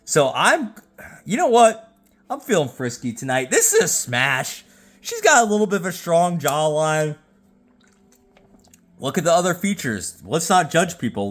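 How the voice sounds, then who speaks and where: A man who has been drinking hosts a casual rating video from home, rambling and stammering with sudden excited bursts. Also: mid-range voice. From Jacksonville, Florida. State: tipsy from drinking. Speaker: YouTube host. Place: at home with a phone. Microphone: phone.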